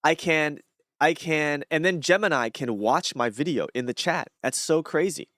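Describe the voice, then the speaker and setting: A man's voice: a little high, normal speed, fairly bright tone, no echo, clean studio sound. A man chatting casually on a live stream, rambling with many fillers and restarts.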